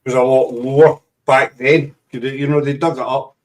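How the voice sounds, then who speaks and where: A man with a West of Scotland accent hosts a relaxed chat show, his voice sitting at an everyday pitch. He rambles and restarts his sentences, teasing his guests as he goes. He sounds a little distant from the microphone. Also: moderate pace. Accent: Scottish, West of Scotland. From Glasgow, Scotland. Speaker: host. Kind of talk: casual live chat show.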